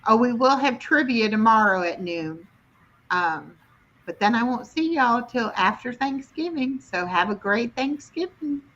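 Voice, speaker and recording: A woman's voice: a little high, animated, measured pace, a bit bright. Chatty woman on lo-fi audio. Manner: chatty, self-deprecating storyteller. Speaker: host of a weekly live stream. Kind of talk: casual chat. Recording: dull lo-fi stream audio.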